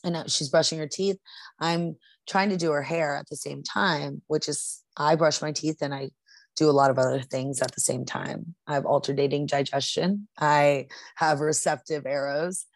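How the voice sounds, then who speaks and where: Low-voiced woman telling a story earnestly. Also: steady tone, normal speed, dry recording. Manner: earnest, with frequent restarts and filler. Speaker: podcast co-host. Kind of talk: casual conversational storytelling.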